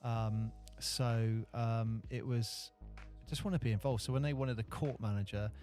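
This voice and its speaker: A man's voice: mid-range voice, fairly even intonation, unhurried, darkish tone. A British man hosting a casual basketball podcast in a rambling, chatty way. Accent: British English. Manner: chatty, rambling, acts out his announcing. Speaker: podcast host and court announcer. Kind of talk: casual chat. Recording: studio with faint background music.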